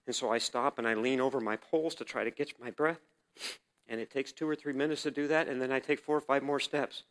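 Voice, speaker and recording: A man preaching a personal testimony as a sermon, telling the story vividly and swinging between loud and hushed delivery. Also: mid-range voice, steady tone, quick pace.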